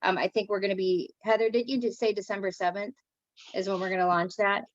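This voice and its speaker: A woman's voice: mid-range voice, fairly even intonation, fast talker, no echo, muffled recording. A woman co-hosting a round-table chat over a video call, talking with enthusiasm and laughing easily. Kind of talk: casual chat.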